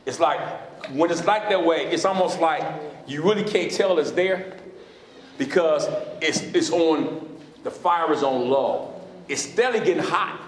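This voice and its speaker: A pastor preaches a sermon in a church sanctuary, questioning his congregation in call-and-response style. His voice is a little high and a little slow, recorded in an echoey hall with slight background noise.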